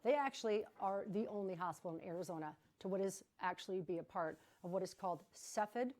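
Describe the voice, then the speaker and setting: A woman hosting a live charity broadcast, talking without notes in an emphatic, chatty, energetic way. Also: on the low side, fast talker. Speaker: fundraising gala host. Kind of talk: live-broadcast fundraising appeal.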